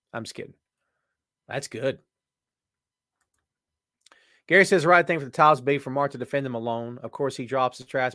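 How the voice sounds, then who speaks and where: Animated man hosting a wrestling podcast. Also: mid-range voice, dry recording, clean studio sound. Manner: animated, reads out viewer comments. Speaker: podcast host. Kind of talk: live-chat wrestling talk.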